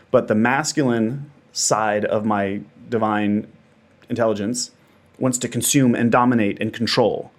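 A man guest in a casual conversation, telling a personal story in an animated way and acting out his own inner voices. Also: lowish voice, normal speed. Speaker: actor and dancer guest.

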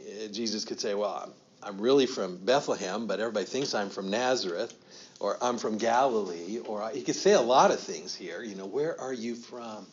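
A man teaching from scripture in an interactive study, asking questions and acting out the lines he quotes with rising emphasis. His voice sits at an ordinary pitch. The recording is slightly dull and lo-fi. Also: slight background noise. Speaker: pastor.

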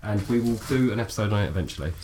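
A man's voice: on the low side, lively intonation, rapid-fire, darkish tone, slight background noise. A man co-hosting a tabletop gaming podcast, chatting casually with enthusiasm and stumbling over his words. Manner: enthusiastic, stumbling, restarts a lot. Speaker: podcast co-host. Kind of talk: casual chat.

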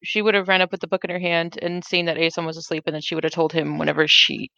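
Chatty woman player, smooth voice, slightly dull muffled sound. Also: on the low side, flat delivery, fast, pushed and bright, no room sound. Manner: chatty, self-correcting. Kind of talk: casual tabletop play.

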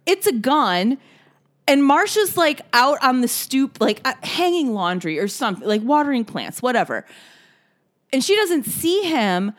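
A woman talks through a film with a co-host, in lively, swinging tones that sit a little high. She laughs often, swears freely and slips into the characters' voices as she retells scenes. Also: a little slow. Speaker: podcast co-host. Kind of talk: casual movie recap chat.

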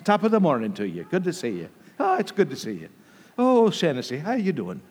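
A man's voice: on the high side, huge pitch swings, brisk, a little mellow, slightly rough, heavily acted. A man doing a hammy fake Irish greeter. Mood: jovial. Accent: put-on Irish. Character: cheery man greeting friends in a phony Irish brogue. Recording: long hall reverb.

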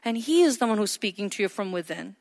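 A woman's voice: mid-range voice, animated, fast, vocal fry, darkish tone. A woman pastor preaching a sermon, emphatic, repeating her phrases and calling for amens. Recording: echoey hall with long reverb.

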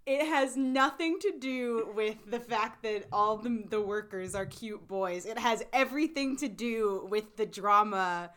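A woman's voice: a little high, measured pace, hardly any pauses, a bit bright. A woman co-hosting a casual chat, bubbly and laughing a lot, acting out the characters' lines. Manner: bubbly, laughs often, acts out quotes. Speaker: podcast co-host. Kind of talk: casual chat recapping a drama.

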